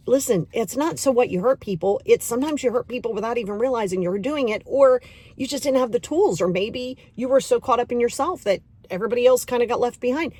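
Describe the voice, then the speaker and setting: A middle-aged woman hosting a podcast and giving a motivational self-help talk, emphatic and repetitive, coaxing the listener directly and acting out inner voices in quick asides. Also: on the high side, darkish tone, slightly rough, no echo. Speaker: podcast host and self-love coach.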